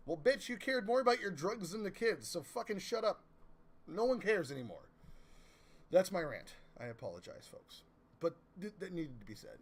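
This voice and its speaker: A man co-hosting a live-streamed chat show, telling a story as a profane, animated rant. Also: high-pitched, moderate pace. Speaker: podcast co-host.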